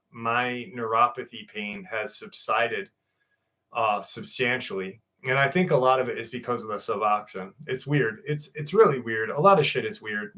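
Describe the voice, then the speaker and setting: A man's voice: medium pitch, pushed and bright. A man hosting a casual live stream, reading viewer messages aloud and chatting back in a loose, rambling way.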